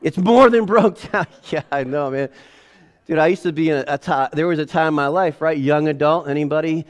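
A man in his forties preaching a sermon in a casual, animated way, acting out family scenes. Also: a little high, brisk. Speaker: pastor. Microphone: headset or lapel mic.

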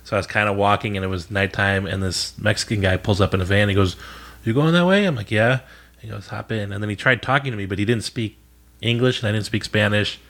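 Podcast co-host, man with a lower pitch, laid-back, blunt anecdote teller. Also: level tone, fast talker, fairly bright tone. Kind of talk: casual chat.

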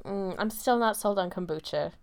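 A woman co-hosts a laid-back travel podcast and speaks in an ordinary mid-range voice. She delivers odd, absurd jokes in a dry, deadpan tone during casual chat. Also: mid-range voice, normal speed, vocal fry, clear, resonant tone. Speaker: podcast co-host.

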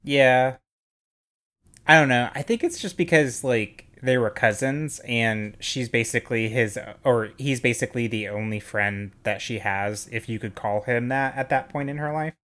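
A man with a mid-pitched voice co-hosts a casual movie podcast. He talks loosely and rambles, padding his sentences with lots of fillers. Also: moderate pace. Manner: relaxed, rambling with many fillers like "like". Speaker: podcast co-host.

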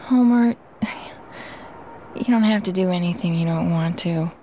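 A woman playing a soft, coaxing cartoon coworker. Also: fairly low pitch, a little slow, a little hiss or hum, lightly acted. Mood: tender. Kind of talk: cartoon voice acting.

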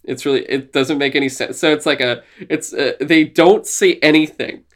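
A young man co-hosting a podcast in casual chat, excited and swearing often, laughing and putting on silly voices. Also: a little high, normal speed. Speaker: podcast co-host.

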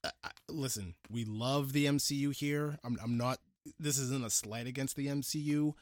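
Male podcast host, mid pitch, excitable and gushing, dry close sound. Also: normal speed, no echo. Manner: enthusiastic, gushing, stammers on restarts. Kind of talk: casual movie review chat.

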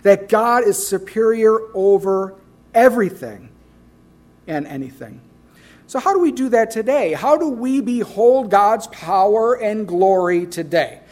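Emphatic high-voiced preacher. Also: male voice, expressive, unhurried. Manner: emphatic, swings between loud declarations and quiet asides. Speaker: pastor. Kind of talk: sermon.

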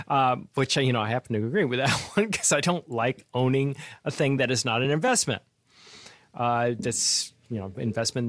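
A man's voice: medium pitch, fairly bright tone, no echo, clean studio sound. A man hosting a finance podcast, chatting casually and laughing often as he retells stories. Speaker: podcast host.

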